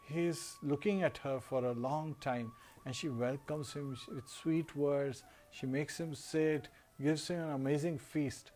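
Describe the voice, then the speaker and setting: A man giving a devotional discourse, telling a story in a relaxed way with frequent "uh" and "you know" fillers. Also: fairly high pitch, slight background noise. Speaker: devotional speaker. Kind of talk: storytelling sermon.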